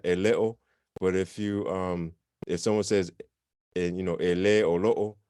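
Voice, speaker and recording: A man with a fairly low, smooth and resonant voice leads a beginner language class. He explains things casually and keeps stopping to correct himself. The sound is dry and close to the mic. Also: no echo. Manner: relaxed, self-correcting, chatty explanations. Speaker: language teacher. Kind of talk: informal online class.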